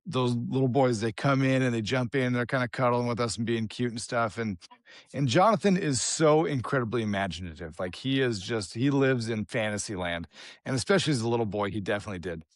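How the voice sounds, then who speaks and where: Animated middle-aged man telling a story. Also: mid-range voice, brisk, no room sound, studio quality. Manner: animated, self-deprecating storyteller. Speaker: podcast co-host. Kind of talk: casual podcast storytelling.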